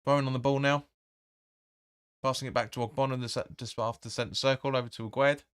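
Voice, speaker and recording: A man's voice: mid-range voice, steady tone, fast, fairly bright tone, clear, resonant tone, dry recording, clean studio sound. A man hosting a live match watch-along, giving blunt, opinionated commentary with swearing and reading viewer comments aloud. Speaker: fan channel host.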